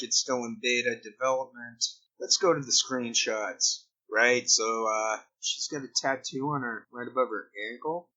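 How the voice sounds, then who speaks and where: A man's voice: medium pitch, sharp tone, dull audio. A man vlogging in an improvised, rambling way full of digressions and wry asides. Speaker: video blogger. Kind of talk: improvised commentary vlog.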